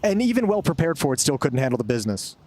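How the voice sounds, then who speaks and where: A man giving brisk analytical color commentary on an esports match. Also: fairly high pitch, big pitch swings, darkish tone. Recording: game sound noise behind.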